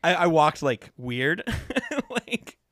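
Bright, animated man joking around. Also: a little high, slow, dry recording, clean studio sound. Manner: goofy, laughs often, jokey. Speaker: podcast co-host. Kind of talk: casual chat.

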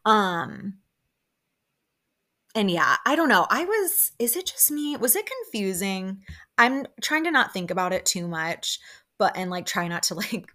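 A young woman hosting a podcast, chatting excitedly about a show with lots of fillers and quick quoted reactions. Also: mid-range voice. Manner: chatty, excitable, lots of "like" fillers, quoting people in lively bursts. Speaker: podcast host. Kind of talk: casual solo recap chat.

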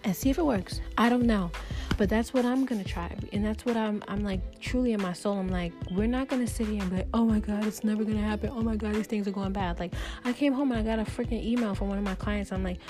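A woman vlogger giving casual motivational advice, emphatic and preachy, talking loosely with many fillers. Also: medium pitch. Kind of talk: casual motivational talk to camera.

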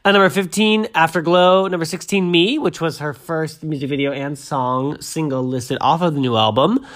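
Male host, 30s, casual, slightly high pitch, rambling, excitable. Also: moderate pace. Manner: rambling, excitable, self-interrupting. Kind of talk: casual chat about music.

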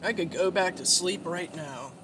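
A man whose voice sits high talks at normal speed while driving, tired and half asleep. His rambling monologue is loaded with curses and fillers, and the car's engine and road noise are audible throughout.

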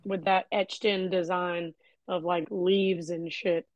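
A woman's voice: lowish voice, level tone, unhurried, no echo, muffled recording. A young adult woman co-hosting a podcast, telling frank, profane stories in casual chat. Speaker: podcast co-host.

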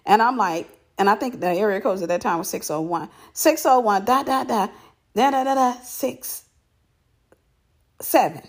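Woman, casual storytelling, animated, slightly breathy voice. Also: mid-range voice, moderate pace. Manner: animated, repeats herself for emphasis, laughs.

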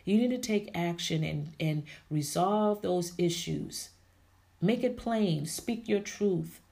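A woman's voice: fairly low pitch, slow pace, vocal fry, warm tone. A woman hosting a podcast, giving an emphatic, preachy faith-based motivational talk and calling her listeners ladies and honey. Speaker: podcast host.

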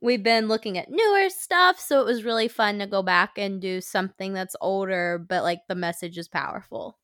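A woman's voice: medium pitch, normal speed, a bit bright, smooth, no room sound, studio quality. A young woman co-hosting a podcast, playful and teasing, chatting casually with friends. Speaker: podcast co-host.

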